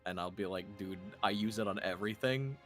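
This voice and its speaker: A man's voice: on the low side, brisk, a bit bright, soft background music. A man in casual, joking chat with friends during a game livestream, swearing and laughing often. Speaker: gamer friend on livestream call.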